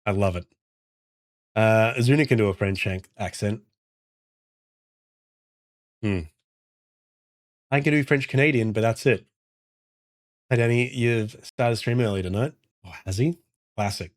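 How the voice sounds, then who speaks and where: A man in a casual live-stream chat, rambling through his thoughts, swearing freely and reading out chat. His voice sits a little low, recorded close on a desk mic at home with a dry, dead sound. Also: a little slow, pauses often, no room sound. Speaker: game streamer and indie developer.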